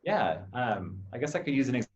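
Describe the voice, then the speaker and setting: A man in his thirties speaking in a relaxed interview, walking through a family example step by step. His voice sits in an ordinary middle range, and he slips into brief acted-out lines of dialogue before checking in with the listener. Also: mid-range voice, brisk, dull audio. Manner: explains with lively acted-out examples and repeated "right?". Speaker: behavior analyst, clinic co-owner. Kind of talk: casual interview talk.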